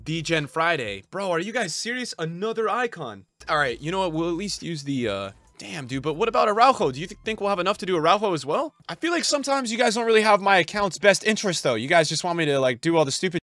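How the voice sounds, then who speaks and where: A man's voice: high voice, big pitch swings, fast, few pauses, a bit bright, no room sound. A young man streaming a pack opening, hyped and chatty, talking straight to his chat. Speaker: gaming streamer.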